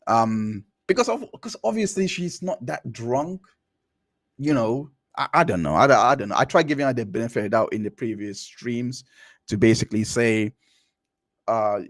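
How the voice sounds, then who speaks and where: A man's voice: fairly low pitch, no echo, studio quality. A man hosting a live stream, reading through a court transcript and commenting in a casual, rambling way with many restarts. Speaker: stream host.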